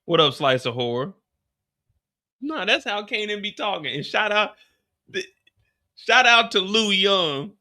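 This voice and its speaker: A man hosting a casual live recap show, talking animated and profane. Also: sits high, a little slow, long pauses, dry recording, studio quality. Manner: animated, profane, laughing aside. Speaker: host.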